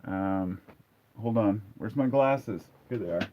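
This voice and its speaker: A candid man in his forties hosts a relaxed live stream, his voice sitting a little low. He talks bluntly and reads viewers' comments aloud. The sound is dull and lo-fi. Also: takes it slowly, a little hiss or hum. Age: 40s. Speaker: livestream host. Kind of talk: casual live-stream chat.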